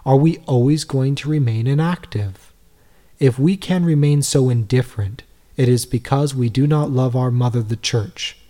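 A man reads a devotional text aloud in a mellow, warm voice. His delivery is measured and earnest, with pitch in a middle range. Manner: measured, earnest, rhetorical questions. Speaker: reader.

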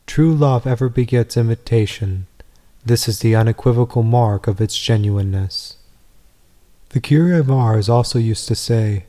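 A man reading a devotional text aloud in a measured, earnest way, full of rhetorical questions. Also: mid-range voice, warm tone. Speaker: reader.

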